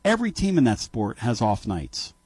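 A man hosting a sports call-in radio show, talking emphatically and trading quick remarks with callers. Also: medium pitch, breathy edge, no room sound. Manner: animated and emphatic, quick back-and-forth with callers. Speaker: sports talk radio host.

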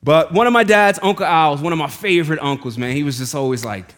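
A man preaching a sermon, telling a family story in a casual, conversational way and dropping his voice low and quiet when quoting people. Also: quick pace, faint music behind. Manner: conversational, casual slang, voice drops low and quiet for quoted lines. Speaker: pastor.

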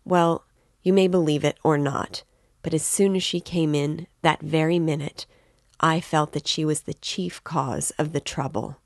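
A woman's voice: deep voice, fairly even intonation, a little slow, no room sound, clean studio sound. A woman reading as a fretful, worried mother. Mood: anxious. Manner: worried, talkative. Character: anxious fretful middle-aged mother, woman.

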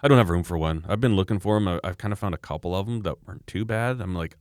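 A man's voice: low-pitched, fast, a little mellow, no echo, studio quality. A man in his thirties co-hosting a casual chat, telling stories in a rambling way with restarts and chuckles. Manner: rambling storyteller, frequent restarts and laughs. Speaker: podcast co-host.

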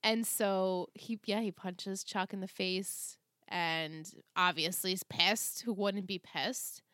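A woman in her thirties co-hosting a podcast, recapping a TV episode in casual chat and acting out the characters' lines with animated delivery. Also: mid-range voice, takes it slowly, dry recording, studio quality. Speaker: podcast co-host.

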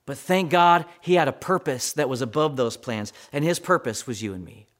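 A man preaching a sermon with dramatic swings between loud emphasis and near-whispers, acting out quoted prayers. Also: medium pitch, animated, moderate pace. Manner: acts out quoted voices in prayers. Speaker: pastor.

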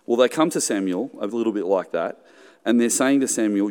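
A man's voice: lowish voice, brisk, a little mellow, smooth. A middle-aged Australian man preaching a sermon in a conversational way, with joking asides and acted-out quotes. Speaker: pastor. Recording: hall reverb.

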